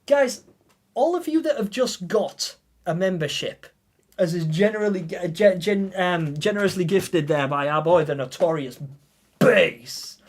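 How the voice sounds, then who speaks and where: A man's voice: sits high, animated, a little slow. Emotional man streaming live. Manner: heartfelt, stammering, emotional thanks. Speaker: gaming livestreamer. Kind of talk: live-stream chat with viewers.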